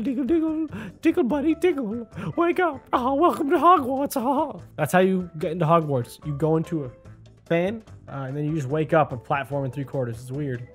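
A man doing casual gameplay commentary, chatty and excitable, often talking to the character on screen. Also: fairly high pitch. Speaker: gaming video host. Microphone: desk microphone.

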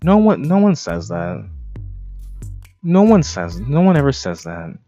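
A young man talks at an ordinary middle pitch, reacting to comics on a stream in a loose, rambling way. He is sarcastic and swears freely, and faint music runs underneath. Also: huge pitch swings, a little slow, dark tone, highs cut off. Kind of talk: casual profane reaction commentary.

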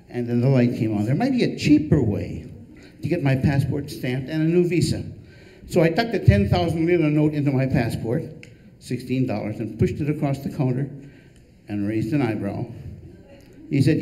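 An older man, an author, reading a humorous memoir aloud with a dry, wry delivery and deadpan punchlines. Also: mid-range voice, normal speed, low-quality recording.

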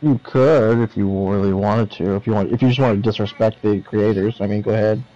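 A man's voice: fairly low pitch, steady tone, a little fast, warm tone. A man co-hosting a game stream, playful and teasing in casual chat. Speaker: co-host. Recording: dull, lo-fi sound.

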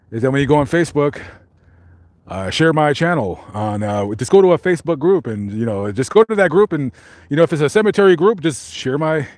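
A man hosting a live stream reads out viewer comments and jokes in a rambling way, with many fillers and restarts. His voice is on the high side, and there is no room sound.

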